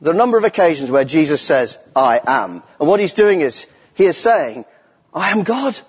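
A man's voice: on the high side, big pitch swings, fairly quick, a little mellow, slightly rough. A middle-aged man preaching a sermon in a church, earnest and emphatic, repeating key phrases for weight. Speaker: lay preacher. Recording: echoey church hall with long reverb.

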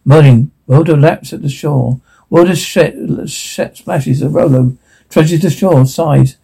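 Man, reading a screenplay aloud, sound cues included, unhurried, gravelly, dark and mellow. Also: fairly high pitch, rough recording. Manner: plain, unhurried reading with slips and restarts. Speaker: reader.

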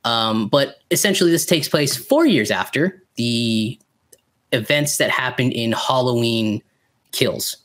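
A man's voice: mid-range voice, expressive, unhurried, a bit bright. A man co-hosting a podcast, rambling and swearing freely as he reviews films in casual chat. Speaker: podcast co-host.

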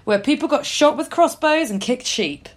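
Woman co-host, lively pitch, bantering news-story chat. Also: normal speed. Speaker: podcast co-host. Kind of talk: casual chat.

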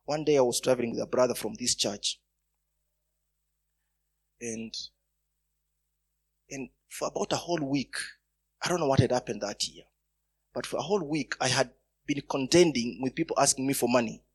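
A man preaching a sermon, telling stories and breaking into loud bursts of emphasis. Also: mid-range voice, moderate pace, long pauses, slightly rough.

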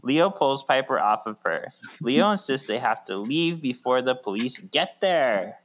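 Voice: medium pitch, big pitch swings, unhurried. A podcast co-host reading out a scene summary and then giving firm opinions in casual chat. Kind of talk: casual chat recapping a TV episode.

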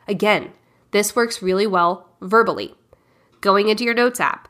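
A woman's voice: mid-range voice, animated, measured pace, fairly bright tone. A woman hosting a podcast, giving frank and direct self-help coaching and casually swearing. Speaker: podcast host.

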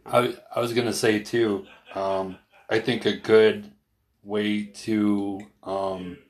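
A man with a fairly low pitch and slow pace co-hosts a casual podcast. Earnest and hesitant, he fills his talk with fillers and false starts, raising his voice animatedly whenever he retells others' words.

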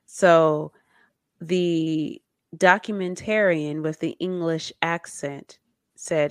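A woman with a fairly low voice talks through a documentary with her co-host in a loose, chatty way. She acts out quotes with lively jumps in tone. The sound is dry and close. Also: slow, clear, resonant tone, dry recording. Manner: animated storytelling with acted-out quotes. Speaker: podcast co-host. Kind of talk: casual chat about a documentary.

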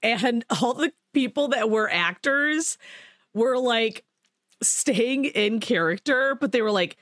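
A woman's voice: fairly high pitch, a little slow, dry recording. Chatty woman podcast host, dry sound. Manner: rambling, animated storytelling with swearing and laughs. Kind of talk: casual chat.

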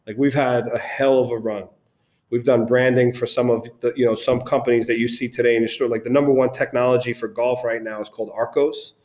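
A man, founder of an agency, telling animated stories as a guest in a casual interview, with frequent restarts. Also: medium pitch, brisk.

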